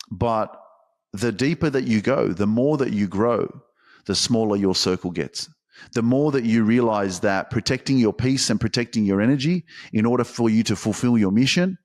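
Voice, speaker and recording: A man hosting a podcast, talking in an intense, emphatic motivational monologue full of swearing. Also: on the low side. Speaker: podcast host.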